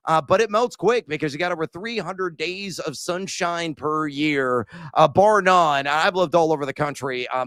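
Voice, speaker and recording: A man's voice: a little high, a bit bright, clean tone, dry recording. A man hosting a sports betting talk show, chatting casually with jokes and lots of "uh" fillers. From Central Illinois. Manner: rambling, jokey, many "uh" fillers.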